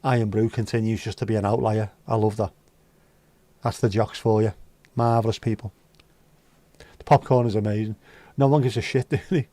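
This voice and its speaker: A man's voice: on the low side, fairly even intonation, moderate pace, long pauses, mellow, no room sound. Sweary man chatting on stream. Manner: rambling, sweary and wry. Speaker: livestream host. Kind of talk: casual chat reading viewer comments.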